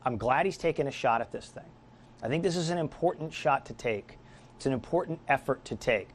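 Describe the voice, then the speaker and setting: A man's voice: mid-range voice, a little fast, slight background noise. A middle-aged man hosting a political talk radio show, delivering a combative, sarcastic monologue.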